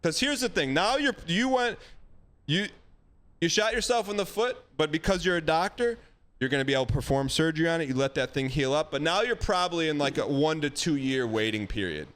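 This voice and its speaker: Male streamer, slightly higher voice, blunt and animated advice-giver. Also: brisk. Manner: blunt, animated, acts out quoted lines. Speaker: streamer giving dating advice. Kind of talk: casual advice chat.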